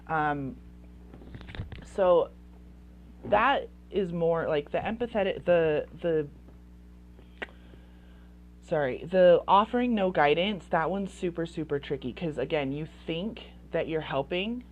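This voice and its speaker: A woman's voice: low voice, takes it slowly, long pauses, darkish tone, muffled recording. A woman coaching parents in casual advice talk, chatty and full of "like" fillers. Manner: chatty, heavy use of "like" fillers.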